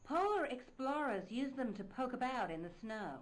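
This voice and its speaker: An actress playing a prim, chatty clinic receptionist in a video game. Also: female voice, high voice, sing-song, normal speed. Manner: prim, gossipy.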